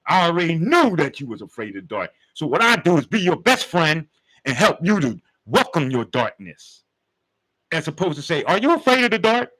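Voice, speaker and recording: A man gives a casual spiritual talk, full of slang and spoken right at his listeners. His voice sits high and bright, and his pitch swings widely from phrase to phrase. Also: very animated, normal speed, rough recording. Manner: street slang, conversational, addresses listeners directly. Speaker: spiritual teacher.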